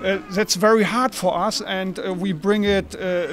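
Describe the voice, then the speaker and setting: A man answering interview questions casually, halting with many fillers. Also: high-pitched, steady tone, a bit bright.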